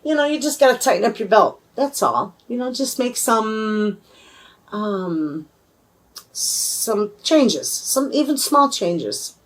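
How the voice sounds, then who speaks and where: A woman's voice: fairly high pitch, animated, slow. A woman in her fifties with a Michigan accent, chatting casually and rambling in a folksy, homespun way about her homestead. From USA. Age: 50s. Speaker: homesteading vlogger. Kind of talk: casual chat to camera.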